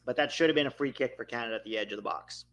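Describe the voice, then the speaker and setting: A young man calling a match live for a watch-along, animated and quick to swear at the referee. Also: medium pitch. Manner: animated, swears when riled, calls the play.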